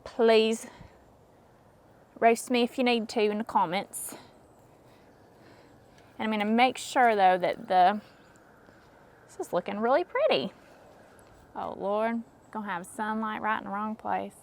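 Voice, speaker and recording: A woman's voice: medium pitch, unhurried, long pauses, darkish tone. A woman chatting casually while she makes a flower arrangement at home, with a jokey, self-deprecating manner. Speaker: craft vlogger. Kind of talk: casual how-to narration. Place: home indoors.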